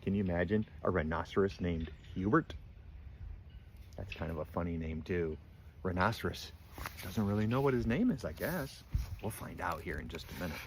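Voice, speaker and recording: An older grandfather reading a picture book aloud to his grandchildren, gently pausing to ask them questions. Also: low-pitched, a little hiss or hum. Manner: gentle, asks children questions.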